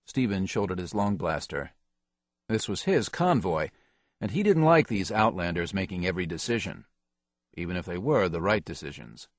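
A man reads an action novel aloud in a steady, even narration. His voice is very low. The recording is dry and close, with no room sound. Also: dry recording. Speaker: audiobook narrator. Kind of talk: scripted narration.

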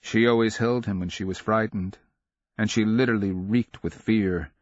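A man narrating a fantasy audiobook in a measured, dramatic storytelling manner. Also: fairly low pitch, steady tone, dry recording, lo-fi sound.

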